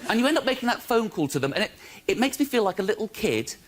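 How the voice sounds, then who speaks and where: A man's voice: sits high, very animated, fast talker. A man comedian telling an anxious, self-deprecating story as a stand-up bit. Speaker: comedian panelist. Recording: noisy studio recording.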